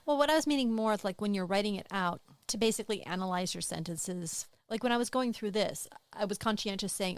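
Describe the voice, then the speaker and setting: A woman's voice: mid-range voice, fast talker, few pauses, smooth, no echo. A woman co-hosting a writing podcast, speaking thoughtfully and analytically in casual chat. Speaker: podcast co-host.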